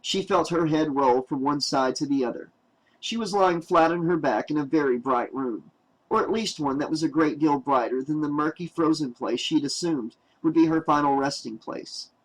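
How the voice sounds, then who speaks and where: A man reading an unabridged novel aloud as an audiobook narrator, in a steady, measured way. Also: fairly high pitch, poor audio.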